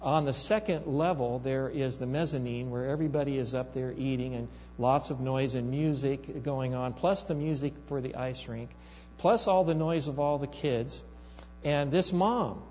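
Male preacher, mid pitch, storytelling with emphatic rises; reverberant hall, dull sound, faint mains hum. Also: darkish tone. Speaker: pastor. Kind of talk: sermon.

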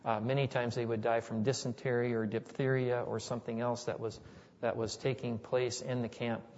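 A man preaching, unhurried and conversational as he retells a story, often restarting his sentences. His voice carries a long reverb from a large hall, and the sound is slightly dull. His pitch sits in an ordinary middle range. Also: little pitch movement, a little mellow, slight background noise. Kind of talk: sermon storytelling.

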